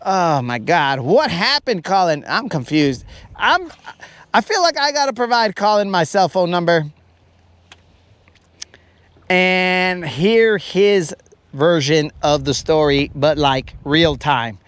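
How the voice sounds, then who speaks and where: A man's voice: high voice, animated, takes it slowly, fairly bright tone, clear, resonant tone, no echo. A man hosting a live fishing stream, rambling and teasing his viewers in casual chat. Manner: rambling, teasing, talks to viewers as bro and guys. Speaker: fishing livestream host.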